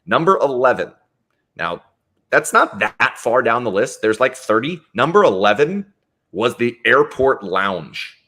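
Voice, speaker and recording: A man's voice: mid-range voice, very animated, unhurried, bright, forceful tone, husky. A man hosting a sports podcast, reading sponsors and signing off with wry, joking asides. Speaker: podcast host. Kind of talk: casual show sign-off.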